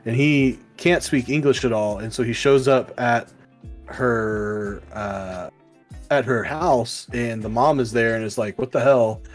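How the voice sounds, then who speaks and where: A man's voice: mid-range voice, takes it slowly, soft background music. Rambling man reviewing comics. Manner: rambling, many fillers, acts out quoted lines. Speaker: podcast co-host. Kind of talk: casual comic book review chat.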